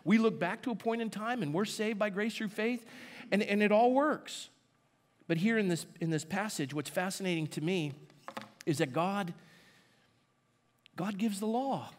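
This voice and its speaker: Male pastor, fairly high voice, chatty sermon delivery with rhetorical questions. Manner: conversational preaching with rhetorical questions; asides to the congregation.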